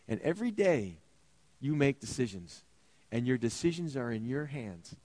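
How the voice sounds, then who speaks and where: Animated male preacher, dry close sound. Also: normal speed, dry recording. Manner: animated, acts out biblical characters with shifting pitch and volume. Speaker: pastor. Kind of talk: sermon.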